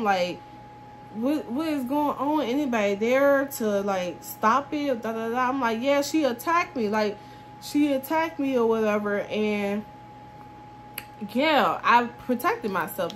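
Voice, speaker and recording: Young woman vlogger, twenties, higher voice, animated storytime teller, faint noise behind. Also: measured pace. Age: 20s. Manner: animated retelling that acts out quoted dialogue, with laughs. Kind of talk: casual storytime vlog.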